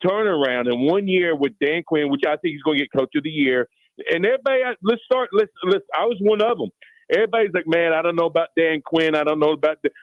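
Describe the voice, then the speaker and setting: A man's voice: a little high, no echo. A man calling in to a sports radio show, talking emphatically and repeating words. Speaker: caller. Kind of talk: phone-in call. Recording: dull phone call.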